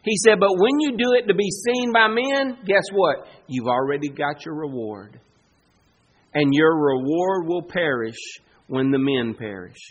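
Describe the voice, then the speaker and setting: A man's voice: fairly high pitch, a little slow, dull audio. A man preaching a sermon as pastor, with emphatic delivery that rises and falls in force.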